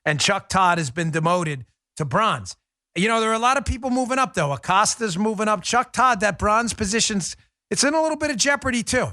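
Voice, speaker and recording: A brash New man hosting an opinionated show with a high, bright voice. He talks fast and jokes and laughs a lot. The sound is dry and close. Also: animated, dry recording. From New York. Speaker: podcast host. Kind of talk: opinionated commentary.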